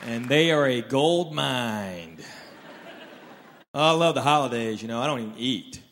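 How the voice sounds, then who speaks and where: A man's voice: mid-range voice, measured pace, crowd noise. A man performing a stand-up routine, telling stories and acting out his relatives' lines. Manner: animated storyteller, acts out relatives' lines. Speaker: stand-up comedian. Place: live stage in a large hall. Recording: reverberant live hall, faint room noise.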